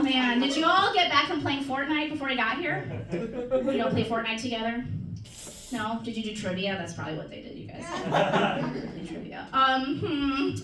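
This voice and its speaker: A woman performing a stand-up comedy set on a club stage, animated and laughing often at her own jokes. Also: sits high, background noise. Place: comedy club stage before a live audience. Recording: echoey room, crowd laughter, distant mic. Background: audience laughing.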